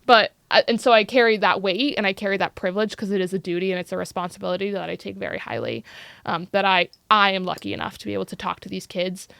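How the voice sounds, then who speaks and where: A woman who teaches youth violence prevention, telling stories in a podcast interview in an earnest, animated way with frequent "like". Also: mid-range voice, quick pace, gravelly, no room sound.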